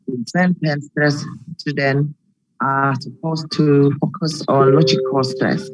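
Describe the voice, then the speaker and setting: Slow-reading man on a noisy call. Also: mid-range voice. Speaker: student presenter. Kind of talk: class presentation.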